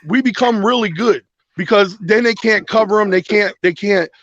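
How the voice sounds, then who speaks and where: High-voiced caller on a muffled line. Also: male voice. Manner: animated, playful ribbing, quick restarts. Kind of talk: casual call-in opinion.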